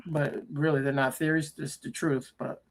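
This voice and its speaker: A man in a casual livestream chat, speaking with firm conviction and little doubt. His voice sits a bit high. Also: flat delivery, normal speed. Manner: confident, opinionated about religion. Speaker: livestream co-host.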